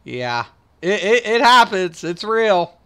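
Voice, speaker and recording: A man's voice: sits high, sing-song, slow, pushed and bright, smooth. A man from Ohio, casually chatting on a livestream while he plays a game, rambling and joking as he reads chat aloud. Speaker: streamer.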